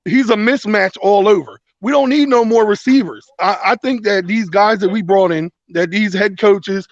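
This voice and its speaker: A man calling in to a sports show, ribbing the hosts playfully and then giving his draft takes in an animated way. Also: high voice, normal speed, no room sound, lo-fi sound. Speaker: caller. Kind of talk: casual call-in opinion.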